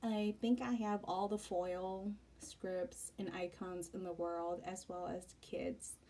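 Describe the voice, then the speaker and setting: A woman's voice: level tone, takes it slowly, slight background noise. A young adult woman vlogger telling a long family story in a chatty, rambling voice-over as she plans. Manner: chatty and rambling, with many fillers and restarts; acts out family members' lines in a much higher, louder voice. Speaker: planner vlogger.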